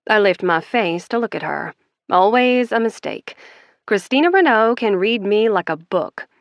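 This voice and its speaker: A woman's voice: medium pitch, expressive, normal speed, dry recording, dull audio. A woman narrating a first-person romance audiobook in a wry, conversational way.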